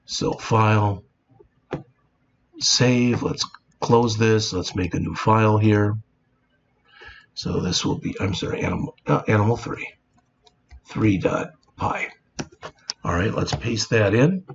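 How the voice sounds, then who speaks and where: Slow, low-voiced man teaching code. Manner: plain, unhurried explaining with frequent "all right". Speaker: programming teacher. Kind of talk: screen-recorded coding tutorial. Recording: dull lo-fi sound with faint background noise.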